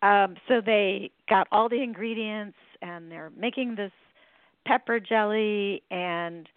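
A woman hosting a podcast, telling funny stories in a lively way and laughing as she goes. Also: mid-range voice, takes it slowly, no echo. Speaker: podcast host. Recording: phone-like, dry sound.

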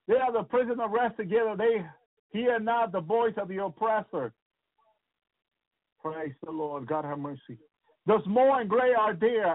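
High-voiced man preaching over tinny radio. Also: no echo. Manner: fervent, with frequent hallelujahs and halting repeats. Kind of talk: sermon on scripture and visions. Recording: tinny phone-like radio sound.

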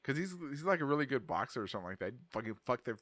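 A man's voice: medium pitch, very animated, very fast, fairly bright tone, no echo. A middle-aged man co-hosting a podcast, chatting crudely and profanely, rambling and laughing often. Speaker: podcast co-host. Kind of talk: crude casual banter.

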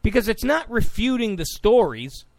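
A man's voice: high voice, very animated, moderate pace, a little mellow, no room sound. A man delivering a combative, sarcastic political monologue, repeating points for emphasis. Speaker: political commentator. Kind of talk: opinionated monologue.

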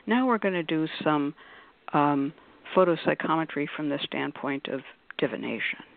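A woman's voice: low-pitched, lively intonation, normal speed, creaky, no room sound. A woman talks through a point on a radio panel in a loose, conversational manner, slipping into little acted quotes as she goes. Her voice comes through a narrow, tinny phone-like line. The sound is dry, with no room around it. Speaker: panelist on a call-in radio show. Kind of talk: explaining on a radio discussion panel.

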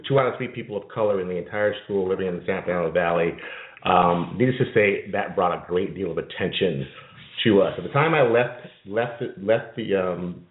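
A middle-aged man from Jamaica, a diet coach hosting a live call, telling a personal story in an earnest, rambling way with many repeated words. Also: on the low side. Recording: tinny phone line, echoey.

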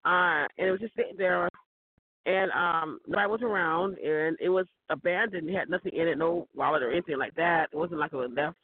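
A woman with a cold, sounding hoarse, chatting in a rambling casual monologue. She repeats words and chuckles often. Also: fairly low pitch, brisk, noisy background. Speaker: vlogger. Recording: tinny phone-like dry recording.

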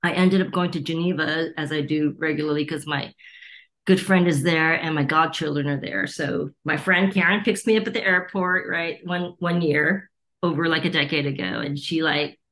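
Woman, middle-aged, from the United States, low voice, Reiki teacher in an interview, acts out quoted voices. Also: normal speed. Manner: animated storyteller acting out quoted voices. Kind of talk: storytelling interview.

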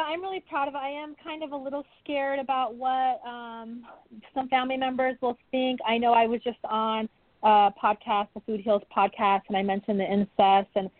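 A woman's voice: on the high side, no echo. A woman guest speaking candidly about her book, open and earnest. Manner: earnest, open, warm-hearted storytelling. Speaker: podcast guest, author. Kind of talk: candid interview talk. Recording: dry tinny phone line.

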